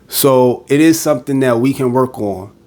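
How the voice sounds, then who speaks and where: A man's voice: medium pitch, normal speed, warm tone. Blunt, direct man venting on a podcast. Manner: blunt and direct, acts out quoted voices. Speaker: podcast host. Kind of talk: casual monologue.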